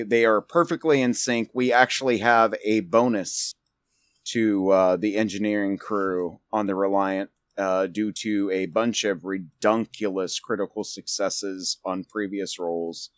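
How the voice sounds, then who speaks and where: A man's voice: on the low side, no room sound. Guy running a tabletop game, rambly, dry close sound. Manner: rambling, many fillers and restarts. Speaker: game master.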